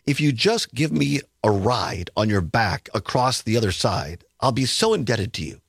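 A man's voice: medium pitch, expressive, moderate pace, gravelly, husky, dry recording, clean studio sound, pitched below the performer's own voice. A man voicing a sly scorpion that pleads for a favor and falsely reassures. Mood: pleading.

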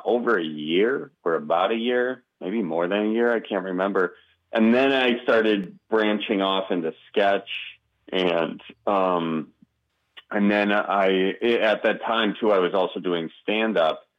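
A comedian with a Wisconsin accent talks easily as a guest in a casual interview, easygoing and rambling with lots of fillers. His voice sits low, and the recording is muffled.

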